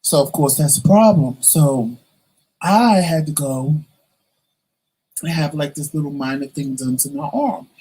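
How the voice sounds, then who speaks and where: A man's voice: a little high, unhurried, breathy edge, rough recording. A man telling a personal story to the camera in a casual, chatty way, acting out the voices of the people in it. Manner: chatty, animated, acts out quoted voices. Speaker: vlogger.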